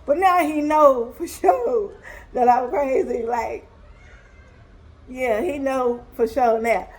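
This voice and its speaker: A young woman telling a personal story to her viewers in a casual, animated, emotional way. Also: high voice, slow. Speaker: vlogger.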